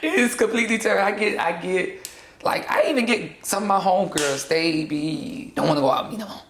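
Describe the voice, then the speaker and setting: A young trans woman from South Florida speaking in a candid sit-down interview, blunt and sassy and quick to laugh. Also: lowish voice, lively intonation, reverberant, slight background noise. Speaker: interview guest.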